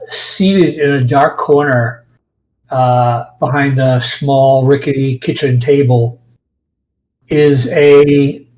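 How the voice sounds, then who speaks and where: A man narrating a tabletop game as dungeon master, relaxed and pausing often with fillers. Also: a little high, rough recording.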